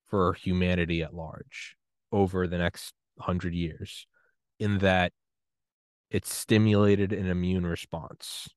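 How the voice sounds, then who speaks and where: A man from the United States hosting a podcast interview, talking in a casual, animated way that swings into loud outbursts. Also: low-pitched, no room sound, clean studio sound. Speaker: podcast host.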